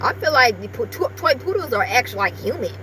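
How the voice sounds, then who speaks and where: A woman's voice: a little high, very animated, fast, bright, forceful tone, a little hiss or hum. A woman vlogger chatting casually with her viewers and breaking off now and then to talk to her small dog.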